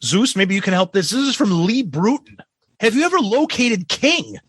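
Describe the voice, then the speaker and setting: Husky, blunt podcast co-host man. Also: high voice, big pitch swings, normal speed, a bit bright, no echo. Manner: blunt, profane, reads listener questions. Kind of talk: casual podcast chat.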